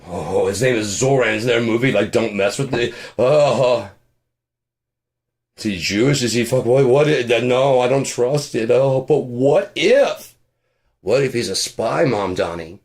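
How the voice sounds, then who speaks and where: A man voicing a paranoid, gullible small-town man in a squeaky, dim, fretful voice. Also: lively intonation, unhurried, darkish tone, close to an everyday voice.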